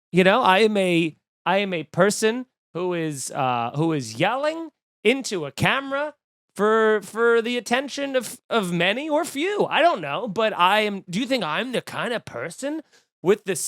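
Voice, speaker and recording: A man's voice: high voice, dry recording, clean studio sound. A young man hosting a comedy podcast, ranting casually and acting out the voices of people he quotes. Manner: animated, acts out quoted voices.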